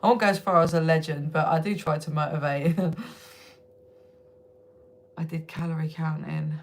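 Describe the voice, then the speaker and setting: A young woman from the UK hosts a casual phone livestream from home, chatting with viewers while laughing often and swearing freely. Her voice sits low, with fairly even intonation and a moderate pace.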